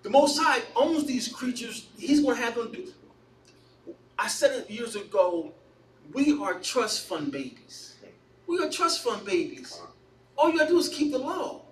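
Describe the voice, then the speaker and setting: High-voiced man teaching in an echoey room. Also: measured pace. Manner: animated, storytelling, repeats himself. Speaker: Bible study teacher. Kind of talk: casual Bible study teaching. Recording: echoey room, mic far off, faint noise.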